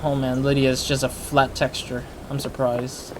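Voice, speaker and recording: A man's voice: mid-range voice, completely flat delivery, normal speed, noisy background. A man chatting casually as he plays a video game, thinking aloud. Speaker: let's player. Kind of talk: casual gaming commentary.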